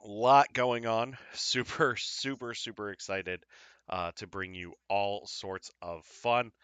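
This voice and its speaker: A man hosting a casual live show, chatting in an upbeat, rambling way with lots of fillers and quick apologies. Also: fairly low pitch, steady tone, a bit bright, clean tone, dry recording. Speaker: podcast host. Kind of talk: casual live-stream chat.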